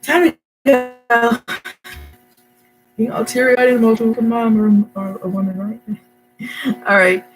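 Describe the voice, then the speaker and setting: A woman's voice: a little high, fairly even intonation, fairly quick, faint music behind, rough recording. A middle-aged woman talking casually to camera at home, rambling and emotional, with many fillers and restarts. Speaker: vlogger. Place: her home, indoors.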